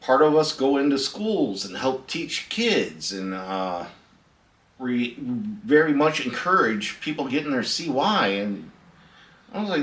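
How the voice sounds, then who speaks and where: A man's voice: medium pitch, sing-song, a little slow, a bit bright, recorded from a distance. A middle-aged man, hosting a casual storytelling vlog in a laid-back, chatty way and laughing at his own story. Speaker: host. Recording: echoey room, voice a bit off-mic.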